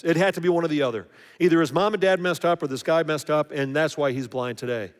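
A man preaching a conversational sermon as a pastor, briefly acting out the voices of the people he quotes. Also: a little high. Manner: conversational, acts out voices of others. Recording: long hall reverb.

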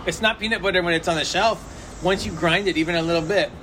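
A man's voice: high voice, fast, pushed and bright, slight background noise. A man casually chatting as a podcast co-host, playful and argumentative, laughing often. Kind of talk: casual chat.

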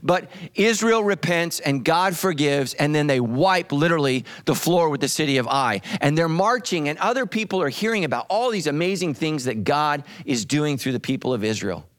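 Middle-aged man, American pastor, slightly high voice, lively emphatic sermon delivery. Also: moderate pace, few pauses. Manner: animated, emphatic preaching with asides to the congregation.

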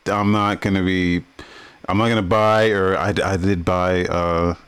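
A man with a smooth, resonant, lowish voice co-hosts a casual gaming podcast. He talks bluntly and swears freely, repeating words as he works up to a rant. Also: level tone, measured pace, fairly bright tone. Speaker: podcast co-host.

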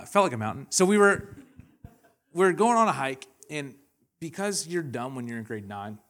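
A young adult pastor from Canada preaches a sermon in a church hall, telling stories animatedly with laughter and acted-out quotes. His voice is mid-range with a fairly bright tone.

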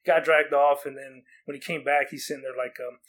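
A man's voice: a little high, fairly even intonation, fairly quick, a bit bright. A young man from Oregon casually telling stories from his school days, rambling with lots of restarts and acting out quotes. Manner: rambling, many likes and restarts, acts out quotes. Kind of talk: casual storytelling.

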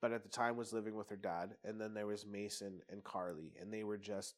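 A man's voice: lowish voice, steady tone, brisk. A man telling a personal story in casual, rambling talk, candid and peppered with swearing.

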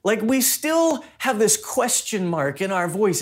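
A man's voice: high-pitched, very animated, unhurried, hardly any pauses. A man preaching a sermon as a pastor, in a conversational way that mixes personal stories with teaching.

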